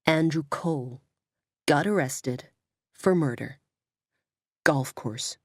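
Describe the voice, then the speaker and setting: A woman's voice: deep voice, animated, a little slow, no room sound, studio quality. Woman playing a cool, cutting disgusted woman. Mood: urgent. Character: sharp, disgusted woman, faintly American-sounding.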